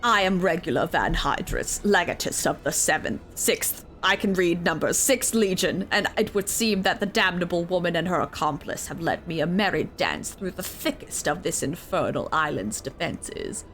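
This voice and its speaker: A woman's voice: lowish voice, animated, normal speed, hardly any pauses, a bit bright, soft background music, pitched below the performer's own voice. A woman putting on a pompous imperial officer. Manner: grandiose, theatrical.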